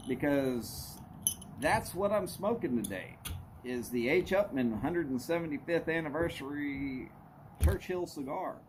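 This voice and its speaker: A man's voice: a little high, lively intonation, a little slow, noisy background. A man hosting a casual livestream, chatting with viewers and greeting them by name. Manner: greets viewers by name, folksy drawl, y'all. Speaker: livestream host.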